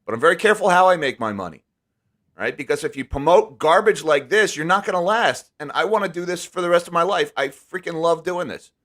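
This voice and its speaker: A man's voice: a little high, animated, a little fast, fairly bright tone. Candid, emphatic man hosting a live stream. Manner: candid, emphatic, often restarts words. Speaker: host. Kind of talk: casual live-stream chat.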